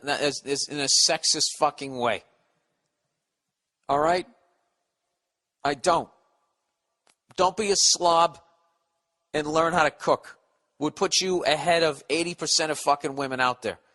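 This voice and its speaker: A man with a fairly bright voice on the high side hosts a podcast in a Boston accent. He delivers a rambling comedic rant, casual in tone, sarcastic and full of profanity.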